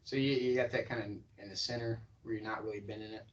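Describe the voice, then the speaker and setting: A male sales trainer lectures a class, his pitch jumping high and dropping low as he demonstrates inflection. He sounds set back from the microphone, heard across a training room. His voice sits at a middle pitch. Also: fast talker, far from the mic, dull audio. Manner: animated, swings pitch up and down for demonstration.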